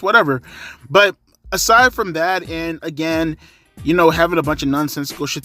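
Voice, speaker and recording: Guy ranting loose and sweary, kinda tired and winded, a bit high pitched. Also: sharp tone. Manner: blunt, profane, rambling. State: tired, slightly out of breath. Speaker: wrestling commentary vlogger. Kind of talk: casual spoken review.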